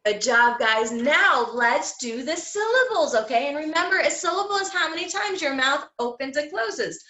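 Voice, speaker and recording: A woman teaching a phonics lesson to young children, sounding out each letter slowly in a sing-song way. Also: high voice, expressive, sharp tone. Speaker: kindergarten teacher. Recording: echoey room.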